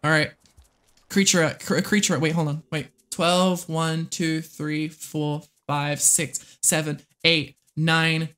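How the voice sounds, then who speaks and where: An American woman livestreams a game, giving excitable commentary full of swearing. Her voice is deep and she takes things slowly, muttering under her breath before erupting into squealing shrieks.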